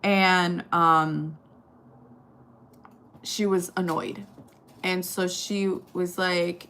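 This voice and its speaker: A woman born in Chile and raised in the United States, telling a casual story with lots of fillers and swearing. She rises higher and louder when outraged. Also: steady tone, drawn-out words, pauses often, a little hiss or hum. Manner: rambling, profane, lots of fillers; gets loud and high when outraged. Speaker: storytime vlogger.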